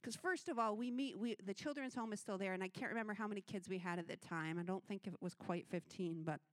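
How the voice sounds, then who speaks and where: Animated woman preaching a missions testimony. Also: medium pitch, fast talker, no echo. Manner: animated storytelling, acting out quoted voices. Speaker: youth minister.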